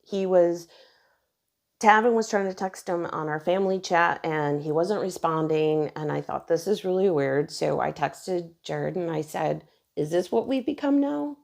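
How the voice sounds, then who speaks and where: A woman's voice: sits low, steady tone, a little slow, creaky. A woman in her thirties earnestly telling a personal story on her own channel. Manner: earnest, emotional retelling, quoting others softly.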